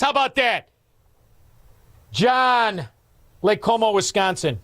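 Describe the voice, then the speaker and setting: Male talk radio host, high and lively voice, dry studio sound, combative and sneering. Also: fairly quick, no room sound. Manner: mocking, combative, insulting. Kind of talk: talk radio taking calls. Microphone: studio microphone.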